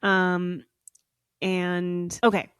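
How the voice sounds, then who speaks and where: A woman's voice: lowish voice, drawn-out words, smooth, dry recording, clean studio sound. A young woman hosting a podcast, telling a long story in casual chat with lots of "like" fillers. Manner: animated, frequent "like" fillers. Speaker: podcast co-host.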